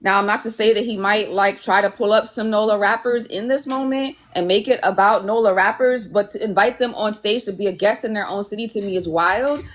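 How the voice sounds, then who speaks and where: A woman's voice: mid-range voice, a little fast, hardly any pauses, fairly bright tone. A woman on a live-stream panel who argues her view earnestly, hedging with "like" and "um". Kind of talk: casual panel discussion.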